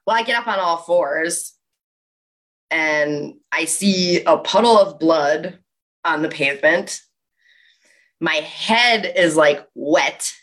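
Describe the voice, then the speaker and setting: A young woman giving a motivational talk, telling a personal story in an animated way with lots of "like". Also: sits low, takes it slowly, long pauses. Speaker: speaker.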